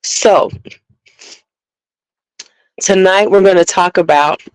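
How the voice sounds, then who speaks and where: A woman's voice: fairly low pitch, takes it slowly, smooth, poor audio. A woman from Chicago hosting a casual beauty livestream, chatting candidly, rambling and greeting viewers by name.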